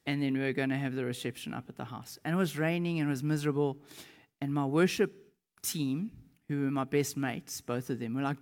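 A male preacher speaking in a hall with a long, lingering reverb around his voice. He tells personal stories, often acting out his own lines with rising volume and energy. His pitch sits in a middle range. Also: fairly quick. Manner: animated storytelling, shouting in reenactments.

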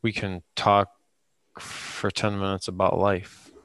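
A man co-hosting a casual truck podcast over a video call, laid-back and quick to laugh. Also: low-pitched, flat delivery, a bit bright, clear, resonant tone, no room sound. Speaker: podcast co-host. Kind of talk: casual chat.

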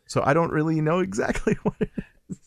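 A man co-hosting a podcast in casual chat, animated and laughing often, with many restarts. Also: a little high, a little fast, creaky, no room sound, studio quality. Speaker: podcast co-host.

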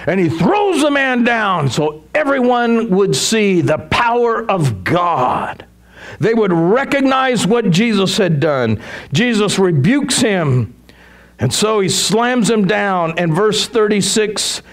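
A man's voice: sits high, very animated, slow. A male pastor preaching a sermon in a conversational way, often chuckling as he explains scripture.

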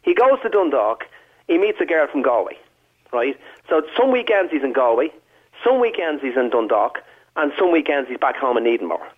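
A man's voice: on the high side, big pitch swings, normal speed, husky. A man with a working-class Dublin accent calling into a radio show, talkative and explaining at length over the phone. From Dublin, Ireland. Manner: talkative, storytelling. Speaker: caller. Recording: phone line.

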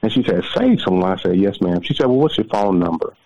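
A man in his forties with a low, darkish, animated voice tells a personal story as a guest at a quick pace over a muffled phone line. He is emotional, repeats his words, and turns preacherly near the end.

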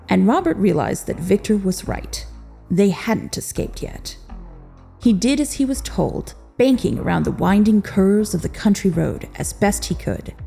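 A woman narrating a story as an expressive storyteller, in a scripted reading. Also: mid-range voice, vocal fry.

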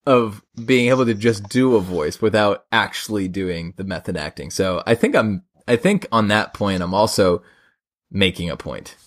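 A man's voice: on the low side, normal speed. A man co-hosting a podcast, joking and arguing playfully in casual chat. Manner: jokey, laughs often, argues playfully. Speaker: podcast co-host.

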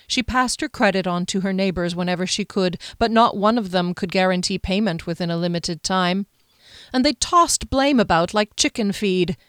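A woman reading a novel aloud as an audiobook narrator in measured, even storytelling. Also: medium pitch, smooth, no room sound, clean studio sound. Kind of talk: scripted narration.

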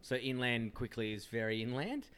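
A man's voice: medium pitch, expressive, moderate pace, fairly bright tone, smooth. Australian man from perth, podcast guest, rambling, swears a lot. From Perth, Western Australia. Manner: profane, rambling storyteller. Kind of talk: casual chat.

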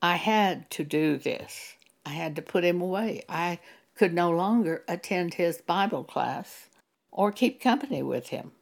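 A woman delivers an earnest sermon-style testimony, quoting scripture in an unhurried, deliberate way. Her voice sits lowish with a gravelly edge, and she takes her time over every phrase. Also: lively intonation.

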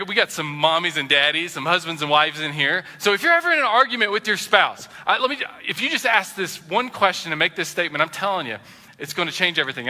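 A male pastor delivers a sermon with a high, bright voice that swoops through a wide range. He slips into the voices of the people he quotes. The sound carries the long echo of a hall, with faint music underneath.

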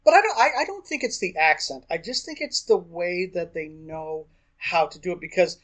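Enthusiastic man co-hosting a podcast. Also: high voice. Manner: animated and enthusiastic, with quick asides and laughs. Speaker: podcast co-host. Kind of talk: casual chat.

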